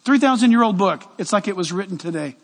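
Male pastor mid-sermon, animated and exhorting, high and expressive, in a reverberant church. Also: fast. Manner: animated, exhorting, acts out quoted voices.

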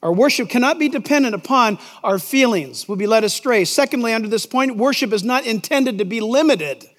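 A man's voice: extremely high pitch, lively intonation, a little fast. Middle aged pastor guy preaching, chatty and emphatic, reads scripture, long reverb in the sanctuary. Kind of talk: sermon. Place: large church sanctuary. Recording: long reverb in a large church.

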